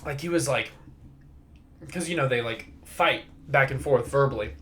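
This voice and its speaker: Young guy rambling on his podcast, swears a lot, laughs at his own stories, middle-pitched voice. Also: moderate pace, fairly bright tone, slight background noise. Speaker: podcast host. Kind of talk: casual solo podcast chat.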